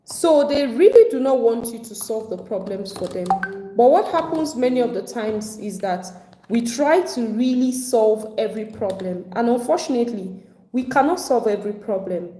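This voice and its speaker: Woman, finance coach, live online class, conversational, mellow tone, echoey room. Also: on the high side, expressive, moderate pace, slight background noise. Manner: conversational, acts out other people's complaints. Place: home at evening, video call.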